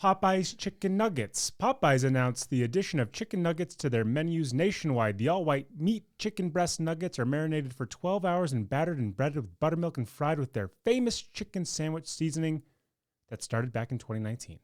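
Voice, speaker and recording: A man's voice: fairly high pitch, animated, fairly quick. A man co-hosting a podcast, reading news items aloud and trading wry, teasing jokes in casual chat. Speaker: podcast co-host.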